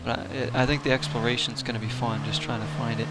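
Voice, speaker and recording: A man's voice: mid-range voice, fairly even intonation, fast, very noisy. A man hosting a casual let's-play, chatting and joking with viewers and laughing often as he plays. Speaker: gaming channel host.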